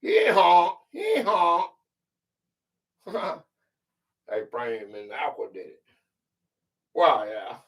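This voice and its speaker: A man's voice: on the low side, lively intonation, slow, pauses often, fairly bright tone, distant mic. A man with a Southern US country drawl hosting a live quiz stream, chatting loosely with viewers and reading questions aloud. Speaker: quiz livestream host. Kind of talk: casual livestream chat.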